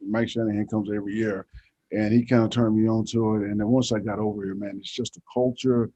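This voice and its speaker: A man's voice: fairly low pitch, quick pace, dull audio, slight background noise. A middle-aged man, a football coach, chatting easily as an interview guest over a remote connection. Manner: relaxed, easygoing, short answers. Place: beach vacation, remote call.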